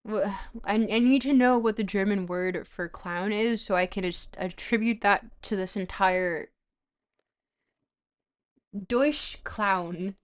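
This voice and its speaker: Tired girl reading on stream, slow, trips over hard words, chats w/ viewers. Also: mid-range voice. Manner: halting, stumbles over foreign words. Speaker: streamer reading a book aloud. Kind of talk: casual live-stream reading with chat.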